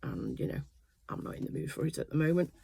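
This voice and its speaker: A woman's voice: deep voice, fast talker, vocal fry, dark tone, breathy edge. An older woman chatting casually in her sewing room, telling a rambling family story full of fillers. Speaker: quilting vlogger. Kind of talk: casual chat.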